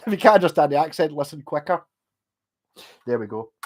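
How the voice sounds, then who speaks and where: A Scottish man with a voice sitting slightly high chats casually on his livestream, brisk and lively in intonation with a darkish tone. He rambles, restarts sentences, and swears now and then.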